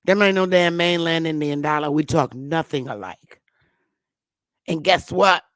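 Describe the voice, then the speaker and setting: Slow, emphatic woman ranting bluntly. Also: low-pitched, no room sound, clean studio sound. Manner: emphatic, blunt, profane, preachy. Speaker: commentary host. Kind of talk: impassioned commentary monologue.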